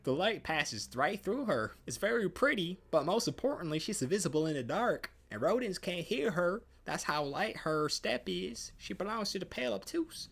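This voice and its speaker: A man putting on an excited little girl's voice. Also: high-pitched, moderate pace, vocal fry, hardly any pauses, breathy edge, voice pushed up, heavily acted. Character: excited chatty young girl, a small townsfolk child.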